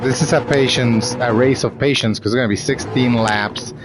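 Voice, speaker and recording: A man's voice: mid-range voice, fairly even intonation, moderate pace, background noise. A man in his thirties giving casual, joking commentary while playing a racing game and chatting to viewers. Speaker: gaming streamer. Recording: game music behind.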